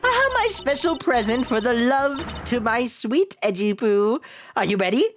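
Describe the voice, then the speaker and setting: A woman voicing a loud, bossy old lady who dotes on a younger man, scolding shrilly and then dropping to mutters. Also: a little high, big pitch swings, measured pace, soft background music. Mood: doting.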